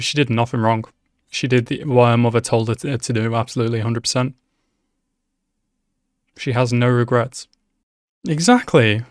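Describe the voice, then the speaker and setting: A man of ordinary pitch reacts live to an episode on a close, dry microphone. He mutters his thoughts, then bursts into loud swearing and exclamations when the story turns tense. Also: clean tone, no room sound. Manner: emotional, swears often, exclaims loudly at tense moments. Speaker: anime reaction channel host.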